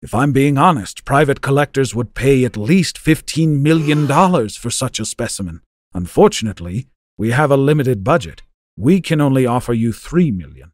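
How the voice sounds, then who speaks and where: A man voicing a formal, polite museum director with a measured manner. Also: mid-range voice, lively intonation, no echo, clean studio sound, close to an everyday voice.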